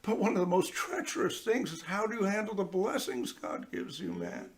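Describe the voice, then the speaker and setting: A priest with a high-pitched voice gives a conversational sermon in church at a moderate pace, with slight background noise. He's animated, speaks straight to his listeners, and acts out little voices along the way.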